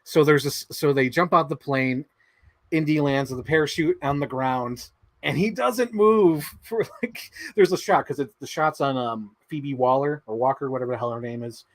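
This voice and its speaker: A man hosting a livestream, chatting excitedly and rambling, swearing freely as he talks. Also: medium pitch, normal speed, no echo. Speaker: livestream host. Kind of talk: casual chat.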